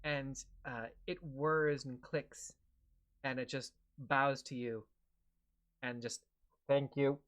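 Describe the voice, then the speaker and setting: A man's voice: medium pitch, fairly even intonation, slow pace, fairly bright tone. A man narrating as game master of a tabletop game, describing scenes in a meandering way with many fillers.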